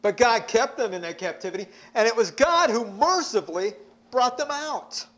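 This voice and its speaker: A man's voice: extremely high pitch, expressive, normal speed, a bit bright. A man preaching a sermon, emphatic, repeating words as he presses his points.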